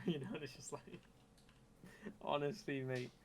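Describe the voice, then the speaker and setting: A young man chatting casually on a gaming stream, swearing freely and telling animated stories. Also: mid-range voice, moderate pace, a little hiss or hum. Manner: swears a lot, animated storytelling.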